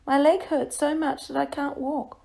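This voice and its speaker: A woman voicing a polite young male ox with a hurt leg, speaking in a high, pleading, tearful way. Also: level tone, normal speed, vocal fry, a little mellow. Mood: upset.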